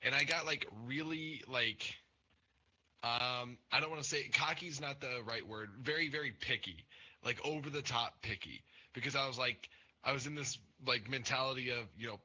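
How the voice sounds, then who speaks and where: A man's voice: medium pitch, moderate pace, bright, forceful tone. A young man telling rambling, crude stories on a casual podcast, with many fillers. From Nebraska. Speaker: podcast co-host. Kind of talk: casual storytelling chat. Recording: dull lo-fi sound with faint noise.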